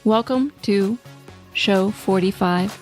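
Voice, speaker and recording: A woman's voice: mid-range voice, slow pace, darkish tone, faint music behind. A woman co-hosting a podcast in casual chat, playful and teasing with her co-host.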